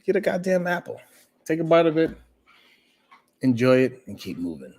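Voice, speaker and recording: Male talk-show host, casual storyteller, loud animated bursts, frequent swearing. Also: fairly high pitch, normal speed.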